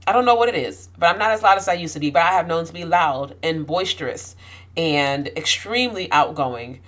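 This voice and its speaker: A woman's voice: low-pitched, a bit bright. Passionate, outspoken woman talking to camera. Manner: passionate, rising to heated emphasis; outspoken, frequent fillers and restarts. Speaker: vlogger. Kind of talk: candid personal talk to camera.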